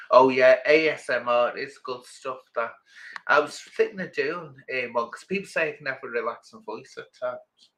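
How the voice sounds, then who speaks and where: A man's voice: medium pitch, normal speed, a bit bright, rough recording. A middle-aged man, chatting casually with viewers on a livestream and rambling from one thought to the next. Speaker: livestream host.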